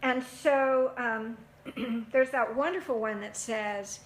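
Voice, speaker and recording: Middle-aged woman, parenting teacher, animated and fairly high, recorded in an echoey room. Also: slow. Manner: animated, acts out parents' voices, laughs often. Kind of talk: lively group talk. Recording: echoey room, faint background noise.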